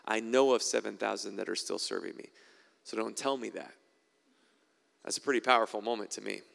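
A man's voice: fairly low pitch, fairly quick, vocal fry, a bit bright, in a large hall. A man preaching a sermon and reading scripture aloud, conversational with wry asides.

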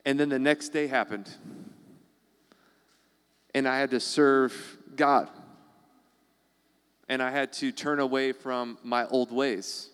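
Male pastor, casual sermon delivery, smooth voice, long hall reverb. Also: medium pitch, steady tone, slow, long pauses, a bit bright. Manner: conversational, acts out quoted voices.

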